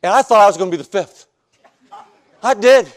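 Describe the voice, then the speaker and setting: High-voiced man preaching a testimony. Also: a little fast. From northern United States. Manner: animated storytelling, acts out scenes, jokes with the congregation. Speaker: pastor. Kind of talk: preaching a personal testimony sermon.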